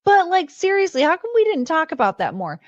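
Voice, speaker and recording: A woman's voice: very high-pitched, sing-song, a little fast, dry recording, dull audio. A woman hosting her own podcast, chatting loosely on her own and now and then scatting beats or cooing at her dogs. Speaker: podcast host. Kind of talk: casual solo chat.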